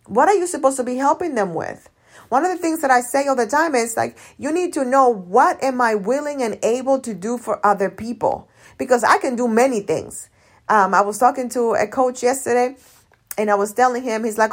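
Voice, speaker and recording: A woman coach talking casually on her podcast, emphatic and lively, repeating her key phrases for effect. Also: fairly high pitch, normal speed. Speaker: business coach. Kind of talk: casual solo podcast talk.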